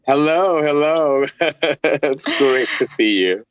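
A middle-aged man from Texas, a violinist guest, telling stories in a casual interview with laughs and animated delivery. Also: a little high, takes it slowly, no room sound, low-quality recording. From El Paso, Texas.

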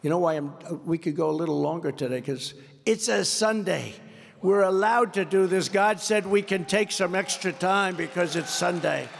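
An older man with a gravelly, fairly high voice works a rally crowd off the cuff. He rambles, repeats himself and boasts through his stories. His voice rings with long reverb from a large hall. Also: moderate pace. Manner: rambling, repetitive, boastful storytelling. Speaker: political candidate at a rally. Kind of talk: off-script campaign rally speech. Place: large indoor rally venue.

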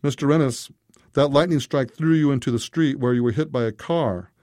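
Man doing a measured clinical doctor. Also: medium pitch, a little mellow, no echo, clean studio sound, close to an everyday voice. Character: composed adult male hospital doctor.

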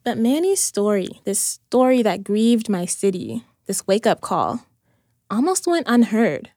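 A woman podcast host giving measured scripted narration. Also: mid-range voice, big pitch swings, dark tone, dry recording, studio quality.

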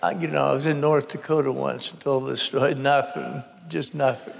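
A man's voice: medium pitch, little pitch movement, moderate pace, vocal fry. A man in his sixties, a novelist, telling a wry, comic family story at a live public conversation. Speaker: novelist guest. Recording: reverberant hall at a live event.

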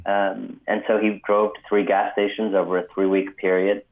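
Deep-voiced man on a phone line. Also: level tone. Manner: measured, many ums, vivid retelling. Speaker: author guest. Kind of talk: radio interview storytelling.

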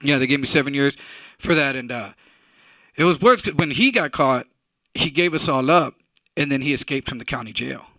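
A man's voice: medium pitch, moderate pace, pushed and bright, dry recording. Blunt middle-aged man telling a story. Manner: candid, blunt, profane, conversational. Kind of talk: live stage storytelling.

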